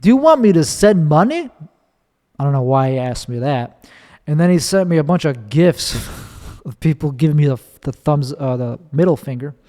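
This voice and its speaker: A man's voice: mid-range voice, normal speed, mellow. A man hosting his own podcast, rambling casually and swearing freely as he tells a story. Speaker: podcast host. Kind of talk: casual solo monologue. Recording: long echoing reverb.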